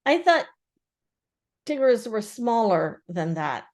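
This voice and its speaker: A woman's voice: fairly high pitch, sing-song, takes it slowly. A woman voicing a small, timid young male piglet in a storybook reading.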